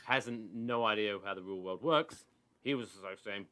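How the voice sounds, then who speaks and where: A man's voice: lowish voice, moderate pace, bright, forceful tone, clean tone. A man co-hosting a podcast over a video call, chatting casually about football and mocking the pundits he retells. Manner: rambling, mocking storyteller. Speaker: podcast co-host.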